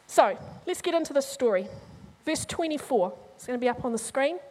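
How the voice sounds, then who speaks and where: A woman preacher in middle age with a high voice. She preaches with humor and life and speaks straight to her congregation. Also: brisk, hardly any pauses. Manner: animated, humorous, addresses the congregation. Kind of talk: sermon.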